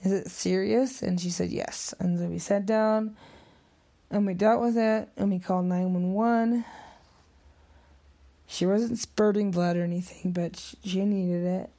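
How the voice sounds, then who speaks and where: Gravelly, emotional middle-aged woman. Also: mid-range voice, steady tone, a little slow, long pauses, dark tone. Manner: rambling, emotional, drops into whispers. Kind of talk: emotional vlog monologue.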